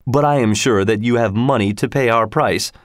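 A man's voice: moderate pace, no room sound, clean studio sound, close to an everyday voice. A man voicing Robin Hood, jaunty outlaw. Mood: bold. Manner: jaunty, mocking, raised pitch. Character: bold cheerful male outlaw leader, proud. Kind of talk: storybook reading.

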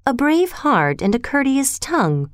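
A woman voicing a huge male python in a storybook reading, with a slow, hissing, commanding delivery. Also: high-pitched, sing-song, no room sound, clean studio sound, pitched above the performer's own voice. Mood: gracious.

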